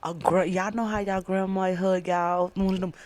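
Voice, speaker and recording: A woman podcast host telling her personal faith testimony in an animated, emphatic way. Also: medium pitch, moderate pace, no room sound. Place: downtown, indoors.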